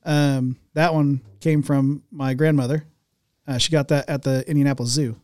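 A man hosting a podcast in casual chat, easygoing, laughing often and filling pauses with "um" and "uh". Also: medium pitch, fairly even intonation, a little mellow, no echo. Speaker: podcast host. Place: small podcast studio. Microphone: studio mic.

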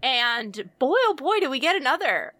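A woman co-hosting a podcast, chatting casually with quick quips and frequent giggles. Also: sits high, sing-song, sharp tone, dry recording. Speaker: podcast co-host. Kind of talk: casual chat.

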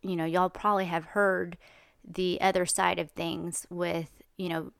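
Woman, rambling casual monologue, heated and chatty, lowish voice, dry close sound. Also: flat delivery, unhurried, vocal fry, fairly bright tone, clear, resonant tone, no echo.

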